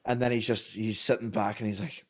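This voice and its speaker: A man's voice: lowish voice, flat delivery, a little fast, fairly bright tone. A young man with a Northern Irish accent, a co-host in casual chat, telling sweary stories and acting out the quotes.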